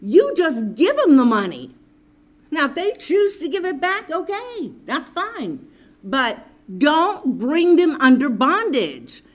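Slow, animated woman preacher. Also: high voice. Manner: earnest preaching, reading and explaining scripture. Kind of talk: sermon.

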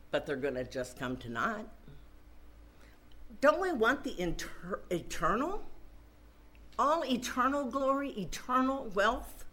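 A woman's voice: on the high side, sharp tone. A woman preaching a sermon and reading scripture aloud, stressing her points by repeating phrases.

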